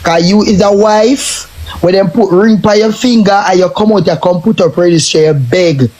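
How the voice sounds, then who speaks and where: A man's voice: high-pitched, moderate pace, darkish tone, rough recording. A man with a Jamaican accent, ranting and taunting in a cursing live stream tirade.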